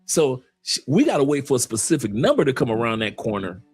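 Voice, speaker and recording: Husky, animated man telling stories. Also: medium pitch, quick pace, faint music behind. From Detroit, USA. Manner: animated storytelling, laughs often. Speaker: guest. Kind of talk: casual chat.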